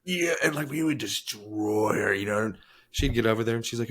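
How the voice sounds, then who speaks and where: A lower-pitched man co-hosting a podcast, drifting through rambling stories and slipping into acted-out quotes along the way. Easygoing, casual chat. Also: animated, a little fast, a bit bright. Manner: rambling storyteller, acts out quotes. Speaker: podcast co-host.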